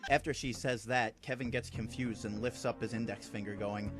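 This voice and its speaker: A man's voice: mid-range voice, fairly even intonation, moderate pace. A man casually narrating his fan film idea, loose and chatty, with fillers, over background music.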